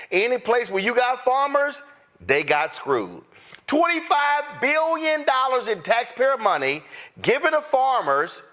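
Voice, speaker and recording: Fiery, animated male political commentator. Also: sits high. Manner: fiery, sarcastic, mocking impressions. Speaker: host.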